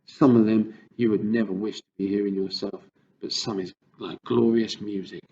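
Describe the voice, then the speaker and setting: A man's voice: fairly low pitch, steady tone, moderate pace, dark tone, muffled recording, a little hiss or hum, close to an everyday voice. A man voicing a kindly male giant who speaks in earnest, mangled grammar.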